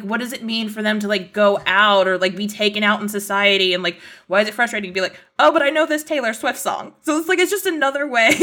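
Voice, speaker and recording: A young woman with a bright, sharp voice, talking as a journalist guest on a casual podcast. She rambles freely, stringing thoughts together with constant "like"s. Her pitch sits at an ordinary middle height for a woman. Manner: rambling, many "like" fillers, laughs often.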